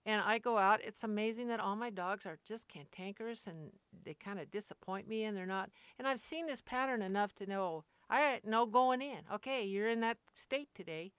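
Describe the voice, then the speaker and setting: A woman dog trainer talks at length in a loose, earnest monologue, circling back and restarting her thoughts. Her voice is smooth and clear, recorded close and dry with no room sound. Her pitch sits at an ordinary middle height. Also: normal speed, few pauses, no room sound. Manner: rambling, earnest, with frequent restarts. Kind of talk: casual monologue.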